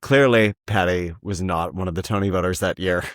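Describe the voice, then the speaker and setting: A man guesting on a podcast, chatting about musicals in an animated, joking way. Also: low voice, brisk, no echo, studio quality. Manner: animated, joking, slips into impressions. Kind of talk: casual chat about musicals.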